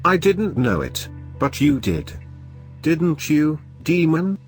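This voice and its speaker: An enraged young man half turned into a coyote, played by a male narrator, with a guttural, accusing growl. His voice is pushed a bit higher with anger. Faint music sits underneath. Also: sing-song, slow pace. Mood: furious.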